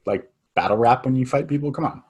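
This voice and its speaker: A man's voice: mid-range voice, quick pace, darkish tone, husky. A man co-hosting a casual film review podcast, rambling and joking with lots of fillers. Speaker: co-host. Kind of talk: casual movie review chat.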